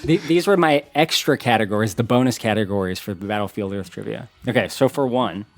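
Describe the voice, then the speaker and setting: A man in his thirties hosting a trivia round on a casual in-person podcast, chatty and quick to laugh as he reads out clues. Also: on the low side. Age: 30s. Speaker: trivia game host.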